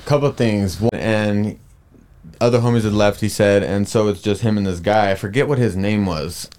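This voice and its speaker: A man's voice: on the low side, normal speed, a little mellow. A man co-hosting a casual podcast, a laid-back storyteller who rambles into asides. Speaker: podcast co-host.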